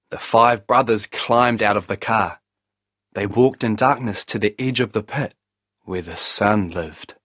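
A man reading a storybook aloud, calm and measured. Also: lowish voice, no room sound, studio quality.

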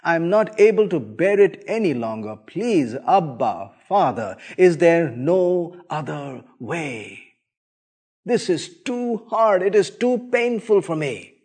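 A man's voice: on the high side, sing-song, slow pace, a little mellow, husky, heavily acted. A man preacher voicing an anguished man praying in despair, pleading and faltering, in a sermon.

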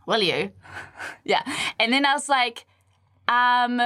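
Animated New woman telling stories. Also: a little high, takes it slowly. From French. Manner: animated storyteller, laughs often, acts out voices. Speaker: podcast co-host. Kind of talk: casual chat.

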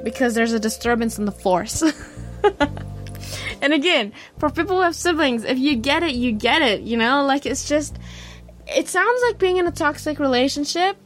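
Young woman rambling on her radio show, lots of "like", slightly high voice. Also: normal speed, soft background music. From New Zealand. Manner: rambling, animated, full of fillers and acted-out quotes. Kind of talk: casual solo radio talk. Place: radio studio.

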